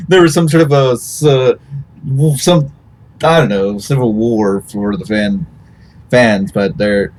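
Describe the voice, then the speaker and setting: A man hosting a casual post-show chat as streamer, talking haltingly with many restarts. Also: fairly low pitch, a little mellow, slight background noise. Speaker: host and streamer.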